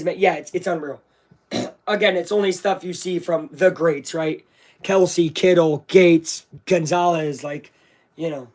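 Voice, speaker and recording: A young man calling a football game live for his viewers as an excited fan, talking straight to his audience. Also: high voice. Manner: hyped, talks straight to viewers. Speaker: fan streamer doing live play-by-play.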